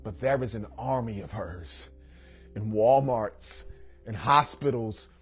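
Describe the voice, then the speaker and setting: A man in the middle of a spoken word piece, his delivery rolling in rhythmic phrases that rise into emphatic repeated lines. A guitar plays softly underneath. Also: lowish voice, slow pace, slightly rough. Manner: rhythmic, building to emphatic refrains. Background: faint guitar music.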